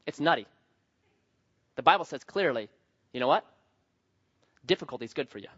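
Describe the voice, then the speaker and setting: High-voiced animated man preaching. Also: fast talker, long pauses, muffled recording. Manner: animated, joking, conversational. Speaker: pastor. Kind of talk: sermon.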